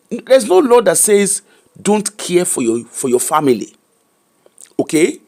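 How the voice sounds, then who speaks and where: Animated Nigerian man, high lively voice. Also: a little slow, pauses often. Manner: emphatic, repetitive, preacher-like. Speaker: host. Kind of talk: animated commentary mixing Pidgin and English.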